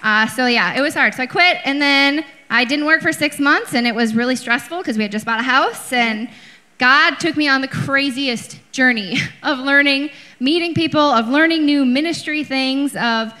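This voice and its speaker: A woman with a high, bright voice tells her testimony on a church stage. She rushes through it in a fast, earnest way. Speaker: church guest, college director.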